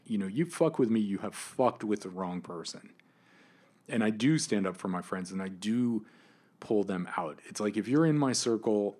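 A man hosting his own podcast, ranting with anger and frequent swearing, swinging between loud outbursts and quiet asides. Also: lowish voice. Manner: angry, emphatic, swears often, swings between loud and soft. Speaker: podcast host. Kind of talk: impassioned solo podcast rant.

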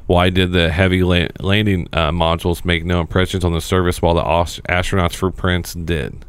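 A man's voice: sits low, little pitch movement, a little fast, clean tone, no echo. A man hosting a casual podcast chat, who swears freely and reads items aloud for the others. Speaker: podcast host.

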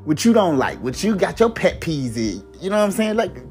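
A man's voice: high-pitched, very animated, a little fast, darkish tone, soft background music. A man doing a comedic rant to camera, profane and exasperated, with a repeated catchphrase. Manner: profane, exasperated, mock-outraged; repeats a catchphrase between bits. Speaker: vlogger.

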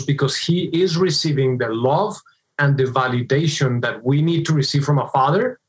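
A married man co-hosting a casual faith-based discussion of a film, thoughtful and building his points with quick "right?" checks. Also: fairly high pitch, rough recording.

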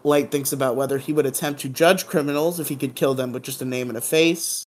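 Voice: mid-range voice, steady tone, fast. A podcast co-host giving a casual, playful recap of a drama episode, humming dramatic sound effects and laughing along the way.

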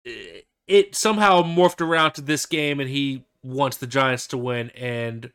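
A young man co-hosts a laid-back football podcast, his voice bright and forward with a smooth, crisp tone. He rambles a little and restarts his sentences as he thinks aloud. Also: mid-range voice, unhurried. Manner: rambling, hesitant restarts and fillers. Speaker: podcast co-host. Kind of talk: casual sports podcast chat.

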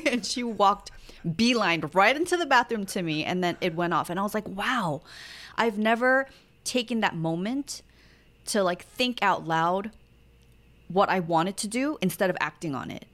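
A woman's voice: mid-range voice, expressive, measured pace, fairly bright tone. A young adult woman, a podcast co-host, telling candid family stories in casual chat and acting out the quotes as she goes. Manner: candid, chatty storytelling with acted-out quotes.

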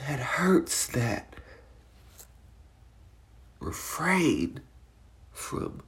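A woman hosting a podcast, speaking in a raw, emotional and confessional way. She drifts between tearful and hushed, and moves into prayer. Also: low-pitched. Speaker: podcast host.

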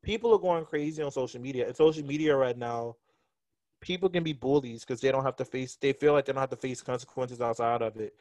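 A man co-hosting a casual podcast, talking in an animated, joking way and laughing often. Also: mid-range voice, fast talker, no room sound. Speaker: podcast co-host.

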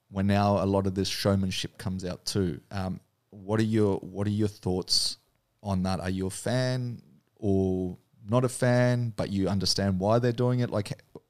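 A male host interviewing a guest in a casual chat, asking long, loose questions full of fillers. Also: lowish voice.

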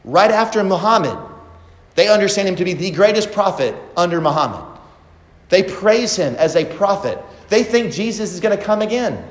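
Male pastor, lively sermon, rhetorical questions, slightly high voice, echoey church hall. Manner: animated preaching, rhetorical questions.

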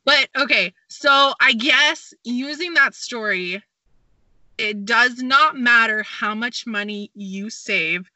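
A woman's voice: a little high, slow pace, sharp tone, no echo, highs cut off. A young woman telling a story and giving travel advice in a casual chat, with many fillers and a giggly manner.

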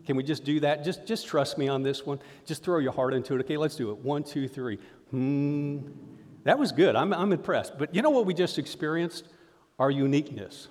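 A man preaching a lively sermon to his congregation, often calling them folks. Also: a little high, fairly quick. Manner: energetic preaching, addresses crowd as folks. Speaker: pastor. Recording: reverberant hall sound.

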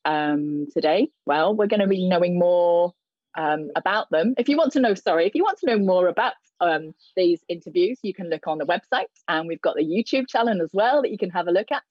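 A woman working as a sign language interpreter, speaking live for a deaf host over a video call with many pauses and fillers. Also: on the low side, a little mellow, husky, no room sound, highs cut off. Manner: hesitant, many fillers and restarts. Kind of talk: live spoken interpretation of signed talk. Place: indoors in front of a plain grey backdrop.

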